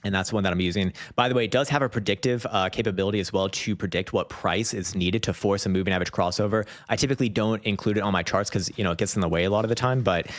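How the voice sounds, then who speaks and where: A man's voice: fairly low pitch, rapid-fire, hardly any pauses, dry recording, clean studio sound. A man hosting a live trading stream, talking loosely and conversationally, swearing freely and laughing at his own slips. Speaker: crypto trading livestream host. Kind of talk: casual livestream chat.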